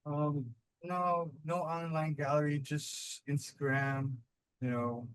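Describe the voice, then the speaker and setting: A man's voice: on the high side, slow, clean tone, rough recording. Man, artist guest, casual video call, rambling, filler-heavy. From New Mexico, US. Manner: relaxed, rambling, hesitant with fillers and repeats. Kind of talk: casual online talk.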